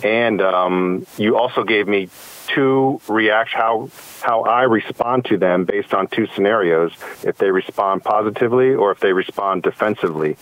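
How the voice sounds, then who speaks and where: A man with a low voice calls in to a coaching show. He answers thoughtfully and agreeably, pausing often with ums as he works through how he would handle a coworker. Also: a bit bright, rough recording. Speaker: caller. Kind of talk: call-in conversation.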